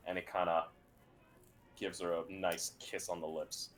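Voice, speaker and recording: A man narrating a tabletop game as game master in a relaxed, conversational way. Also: deep voice, measured pace, long pauses, soft background music.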